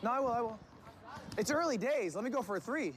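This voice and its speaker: A man's voice: extremely high pitch, lively intonation, fast, very noisy. A man trash-talking casually during a pickup basketball game outdoors, recorded from a distance.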